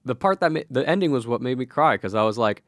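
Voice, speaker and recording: A young man co-hosting a college radio show, talking in a relaxed, laid-back way. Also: medium pitch, fast, no room sound, studio quality. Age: young adult. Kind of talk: casual chat. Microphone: studio microphone.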